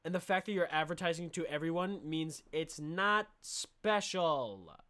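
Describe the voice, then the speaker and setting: A man's voice: fairly high pitch, lively intonation, unhurried, a bit bright. A young man hosting a comedy podcast, riffing in a sarcastic, rambling monologue. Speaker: podcast host.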